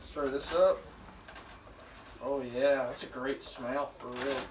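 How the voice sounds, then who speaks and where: A young man in his twenties from Alabama rambling and joking in slang while he cooks, pitching himself for a cooking show. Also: steady tone, slow pace. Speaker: show applicant. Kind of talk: casual audition vlog while cooking. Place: home kitchen. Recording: echoey kitchen, voice from far off, faint noise.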